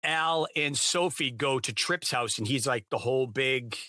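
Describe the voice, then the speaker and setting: Male podcast host, bright forceful tone, dry close sound, eager and gushing. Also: mid-range voice, measured pace, dry recording. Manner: enthusiastic, gushing. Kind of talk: casual interview chat.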